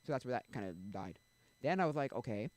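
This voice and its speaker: A man's voice: mid-range voice, animated, quick pace, darkish tone. Rambling young man streaming. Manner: rambling, loses his train of thought. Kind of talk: casual chat.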